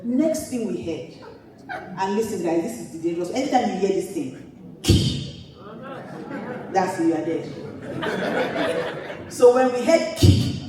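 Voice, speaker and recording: Woman pastor, comic storytelling, giggly and animated, boomy hall, mic set back, congregation laughing along. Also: a little slow, pauses often, crowd noise. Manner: animated, laughs often mid-sentence. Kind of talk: humorous storytelling to a church audience. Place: church auditorium. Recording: echoey church hall, distant mic. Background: audience laughter.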